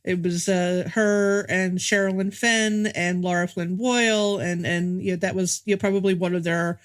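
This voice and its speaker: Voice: medium pitch, fairly even intonation, moderate pace, smooth. A podcast co-host discussing a film in casual chat, with lots of fillers and repeated starts.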